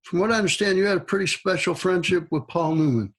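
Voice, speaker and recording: A man hosting an interview over a video call, asking friendly, relaxed questions. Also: sits high, fast talker, husky, poor audio. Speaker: host, association CEO. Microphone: video call, away from the mic.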